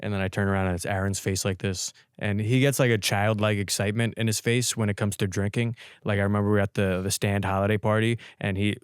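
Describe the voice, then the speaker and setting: A young man with a smooth, resonant, slightly low voice, recorded close and dry in a podcast studio. He tells stories animatedly, jumping into quoted voices, in relaxed casual chat. The sound is direct with no room echo. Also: fast talker, hardly any pauses. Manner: animated storyteller, acts out quotes. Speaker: podcast host.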